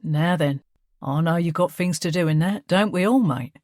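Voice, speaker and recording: Cockney crime boss, a woman doing the voice, young, matey, breezy, loud, dry sound. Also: on the high side, normal speed, dry recording, lightly acted. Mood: falsely friendly. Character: young charming London crime boss, falsely friendly.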